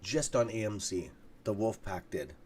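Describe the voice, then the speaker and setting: A man's voice: lowish voice, lively intonation, moderate pace, darkish tone, a little hiss or hum. Tired, rambling male stock streamer. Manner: rambling, yawning, swears casually. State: tired, yawning. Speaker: stock trading livestream host. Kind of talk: casual live market commentary.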